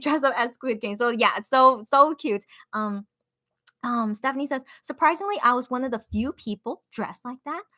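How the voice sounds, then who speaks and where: A young woman hosting a casual livestream, reading viewer comments aloud in a chatty, upbeat way with lots of fillers and sudden high excited bursts. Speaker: livestream radio-style host.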